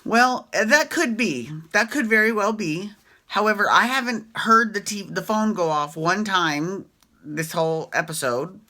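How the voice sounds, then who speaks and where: A woman's voice: mid-range voice, lively intonation, unhurried, sharp tone. A woman hosting a casual reality TV recap, chatty and opinionated, swearing freely and often tagging her points with "right?".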